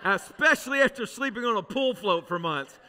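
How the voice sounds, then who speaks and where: A male pastor preaching a sermon to a congregation, telling a dramatic personal testimony that swings from loud urgency to hushed intensity. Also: high-pitched, animated, a little fast. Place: church service with a congregation.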